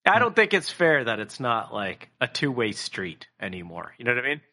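A man's voice: medium pitch, very animated, moderate pace, bright, forceful tone. A man co-hosting a casual podcast, rambling and swearing with lots of fillers. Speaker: podcast co-host.

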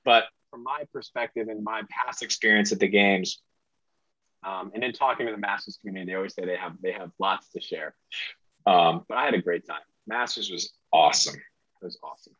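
A middle-aged man speaking as a podcast guest, rambling and excitable, with a self-deprecating manner. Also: on the low side, brisk, no echo, lo-fi sound. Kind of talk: casual interview talk.

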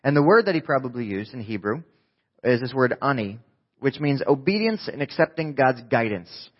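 Male pastor, New Jersey native; casual joking sermon delivery, mid pitch, dull recording. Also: sing-song, moderate pace. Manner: conversational, joking, asks the crowd questions.

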